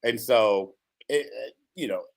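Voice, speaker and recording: Man, mid-pitched voice, relaxed co-host, casual chat, lots of quick agreement. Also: creaky. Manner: relaxed, affirming, says okay and right often.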